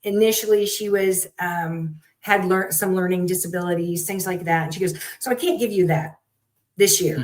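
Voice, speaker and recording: A middle-aged woman, a guest parent, telling her story in a lively conversational way and acting out what others said. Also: on the low side, normal speed, slight background noise, rough recording. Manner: animated, acts out quoted people.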